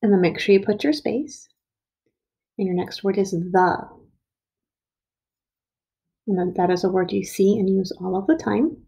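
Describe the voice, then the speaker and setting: A woman's voice: medium pitch, vocal fry, dark tone, slightly rough, muffled recording. Patient woman teaching young writers. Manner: slow, patient, stretches out word sounds. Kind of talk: early reading and writing lesson.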